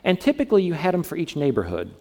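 A man's voice: fairly high pitch, huge pitch swings, fast, darkish tone. A man from the southern United States preaching a sermon in a conversational way, often asking his listeners questions. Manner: conversational, asks the congregation questions. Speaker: pastor.

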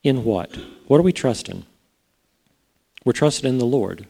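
A pastor delivers a sermon in a mellow, warm voice. His pitch moves up and down a lot, and he talks casually, checking in with the congregation through rhetorical questions. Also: big pitch swings, normal speed, vocal fry.

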